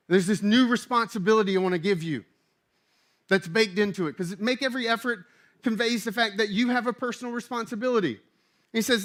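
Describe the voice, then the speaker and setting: High-voiced emphatic male pastor preaching. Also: a little fast. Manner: animated, emphatic, conversational. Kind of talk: sermon.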